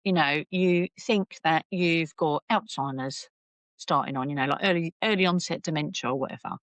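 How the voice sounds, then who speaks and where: A woman's voice: deep voice, normal speed, no room sound. A woman, a podcast guest telling her own story candidly, acting out what people said, with many restarts. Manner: animated, acts out quoted voices, many restarts.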